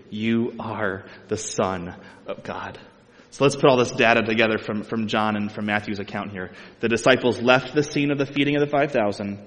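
A man preaching a sermon, reading scripture aloud and explaining it in a conversational way with casual asides. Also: mid-range voice. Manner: conversational, asides and speculation with light laughs. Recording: long hall reverb.

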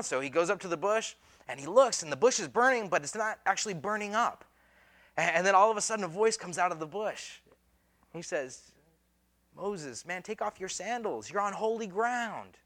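A man delivering a sermon as a pastor, his voice sitting high for a man. He talks casually and conversationally, slipping in slang and acting out the people in the story. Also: pushed and bright. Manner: casual, conversational preaching with slang and acted-out quotes.

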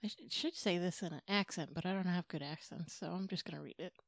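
A woman's voice: on the low side, fast, creaky, dry recording, clean studio sound. A woman from New England co-hosting a casual podcast, upbeat and pushy, reading out listener mail. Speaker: podcast co-host. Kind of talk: casual chat.

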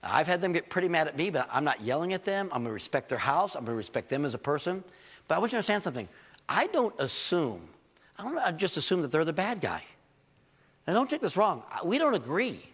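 Man, pastor, sermon, gravelly, emphatic storytelling, church reverb. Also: on the high side, sing-song, fast talker, fairly bright tone. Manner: storytelling preacher, rising and emphatic at points.

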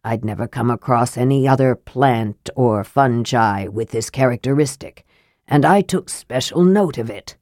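A woman's voice: rumbling low, a little slow, darkish tone, no room sound, studio quality, pitched below the performer's own voice. A woman reading an audiobook aloud and voicing a frail young male mage who speaks in a cold, clipped, precise way. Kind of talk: audiobook dialogue.

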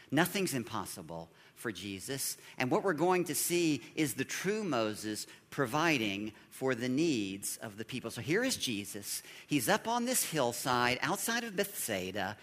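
A male pastor preaches with a bright, forceful voice and a lively, swinging pitch. He acts out the people in his story with a joking edge. The sound carries the long reverb of a large hall. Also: measured pace. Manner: animated preacher, acting out speakers in the story with a joking tone. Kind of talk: sermon.

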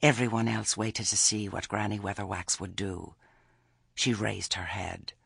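A man narrating an audiobook in a measured, expressive storytelling manner. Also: fairly low pitch, vocal fry, breathy edge, dry recording, studio quality. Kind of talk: scripted narration.

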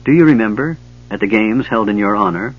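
A man voicing a stern, proud male plainsman warrior who speaks in a hushed, tender, formal way, in a dull lo-fi recording. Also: on the low side, a little fast, close to an everyday voice.

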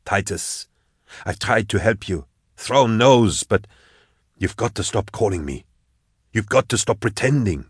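A man's voice: lowish voice, animated, a little slow, pauses often, breathy edge, no room sound. Male narrator voicing a weary, exasperated inquisitor, pleading, dry recording. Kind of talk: audiobook character voice.

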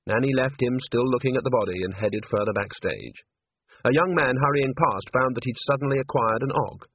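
A man narrating an audiobook in a measured, wry storytelling manner. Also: mid-range voice, husky, no room sound. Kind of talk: scripted narration. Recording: tinny phone-like sound.

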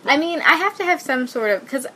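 A woman's voice: high voice, animated, a little fast, sharp tone, a little hiss or hum. A woman co-hosting a casual podcast who chats about a TV show, laughing often and adding apologetic asides. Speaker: podcast co-host. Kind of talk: casual chat recap of a TV show.

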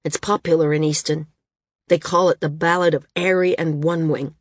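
A woman's voice: deep voice, fairly even intonation, moderate pace, no echo, studio quality. A woman voicing a bitter young male outcast who answers with cold scorn. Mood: mocking.

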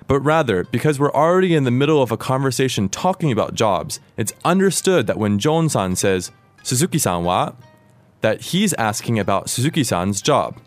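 Explaining Japanese grammar patiently and clearly, a man from the United States who speaks English natively leads a language lesson. His mid-range voice is expressive and a little fast with hardly any pauses, in a dry recording with faint music in the background.

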